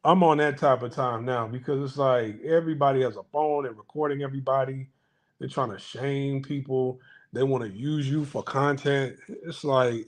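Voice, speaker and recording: A man's voice: medium pitch, fairly even intonation, moderate pace. A man hosting a casual monologue to viewers, ranting bluntly with profanity and frequent restarts. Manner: acts out others' voices in anecdotes. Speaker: commentary channel host.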